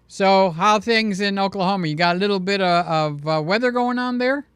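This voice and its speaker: Jokey guy hosting a livestream, clean smooth voice, dry close sound. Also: sits high, moderate pace, few pauses, fairly bright tone, no room sound. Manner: chatty, jokey, acts out voices in stories. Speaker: livestream host. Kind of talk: casual live-stream chat.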